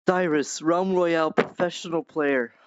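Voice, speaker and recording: A man hosting a casual gaming podcast, goofy and loud as he introduces his friends. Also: on the high side, fairly even intonation, unhurried, smooth, no echo, lo-fi sound. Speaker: podcast host.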